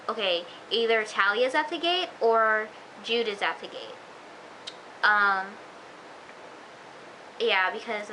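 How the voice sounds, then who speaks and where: Bright-voiced chatty woman gushing. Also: a little high, a little hiss or hum, rough recording. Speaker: TV episode reviewer. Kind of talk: casual vlog recap.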